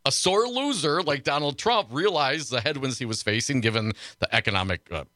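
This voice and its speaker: A man's voice: medium pitch, expressive, pushed and bright, dry recording, studio quality. A man co-hosting a political talk radio show, talking in long wry rambling stretches. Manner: rambling, wry, quick to laugh. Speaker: radio co-host. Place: radio studio.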